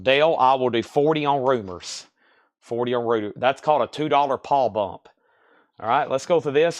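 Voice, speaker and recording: A man with a Southern US accent hosting a live record sale, reeling off titles and prices in a steady, folksy sales patter. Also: medium pitch. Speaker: host selling records on a livestream. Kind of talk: live sales stream, casual chat.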